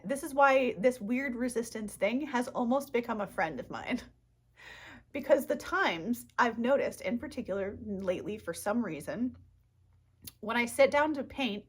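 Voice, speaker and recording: A woman artist talking casually to camera in a reflective vlog, chatty and animated with frequent laughs and quoted asides. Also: mid-range voice. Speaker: artist vlogger.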